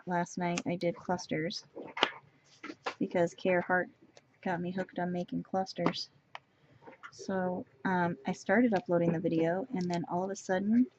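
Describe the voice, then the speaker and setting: A woman casually showing off her journal pages at home, rambling and thinking aloud as she flips through them, a bit tired and sneezy. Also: on the low side. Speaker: journaling vlogger. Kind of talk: casual show-and-tell chat. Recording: dull lo-fi sound with steady background noise.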